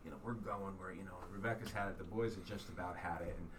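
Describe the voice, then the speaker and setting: Podcast host, male, lowish voice, rambling self-mocking storyteller, sits back from the mic with faint hiss. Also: fairly even intonation, quick pace, recorded from a distance. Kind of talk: casual chat, telling a personal story.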